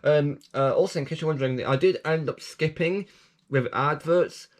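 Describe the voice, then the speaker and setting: A man's voice: a little high, moderate pace, noisy background. A man talks his way through channel news and app reviews in a loose, rambling vlog. He restarts and corrects himself often and drops in self-mocking asides. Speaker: channel host.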